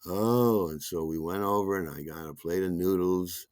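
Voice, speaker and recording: A man's voice: low-pitched, normal speed, darkish tone, no room sound, studio quality. A man hosting a podcast, telling a rambling, self-deprecating personal story full of asides. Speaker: podcast host.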